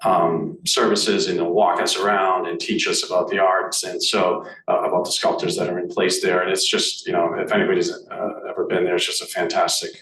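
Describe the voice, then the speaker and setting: A man with a Boston accent giving a board report at a meeting, halting with many fillers and restarts. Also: sits low, little pitch movement, a bit bright. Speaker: board director speaking at annual meeting. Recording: echoey room, mic at a distance, faint noise.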